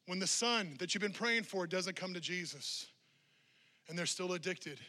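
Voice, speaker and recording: A man's voice: high voice, normal speed, sharp tone. A male pastor preaching a sermon to a congregation in a church, driving his point home with strings of repeated rhetorical questions.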